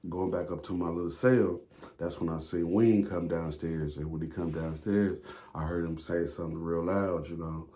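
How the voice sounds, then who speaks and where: A man with a very deep voice and a dark, mellow tone tells a story in a loose, rambling way. He drops slang, swears freely and keeps circling back with fillers. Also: steady tone, normal speed. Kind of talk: casual storytime monologue.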